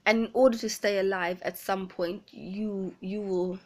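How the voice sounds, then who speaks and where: A woman speaking earnestly in a personal confessional vlog, pausing often. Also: mid-range voice, fairly even intonation. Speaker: vlogger.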